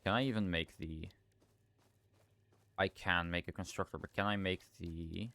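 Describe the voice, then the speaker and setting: A man's voice: deep voice, fairly even intonation, moderate pace, vocal fry, bright, forceful tone. A young man streaming a game, thinking aloud in rambling casual commentary and often correcting himself. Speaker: livestreamer.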